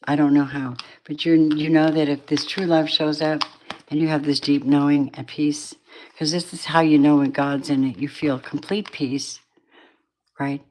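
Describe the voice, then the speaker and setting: A woman's voice: sits low, flat delivery, moderate pace, a little mellow. A tired woman giving a live tarot reading in a rambling, affectionate way, calling her viewers babies and darlings. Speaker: tarot reader.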